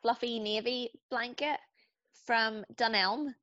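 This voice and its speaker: A woman's voice: fairly high pitch, steady tone, takes it slowly, a bit bright. A woman co-hosting a podcast in casual, giggly chat. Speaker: podcast co-host. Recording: dull lo-fi podcast audio.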